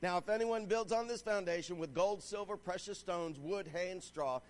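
A man preaching a sermon, his voice pitched high for a man. He reads scripture aloud and exhorts the congregation with growing fervor, often asking for an "Amen.". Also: normal speed. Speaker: pastor.

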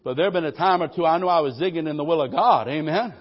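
High-voiced preacher on dull lo-fi audio. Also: male voice, fast. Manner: preaching with call-and-response amens, voices people's worries; swings from loud declarations to soft, low asides. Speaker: pastor. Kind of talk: sermon.

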